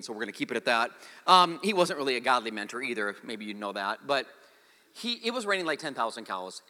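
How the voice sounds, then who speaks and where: Animated guy preaching, bright sharp voice, long hall echo. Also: medium pitch. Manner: animated storytelling with jokes. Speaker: pastor. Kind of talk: sermon.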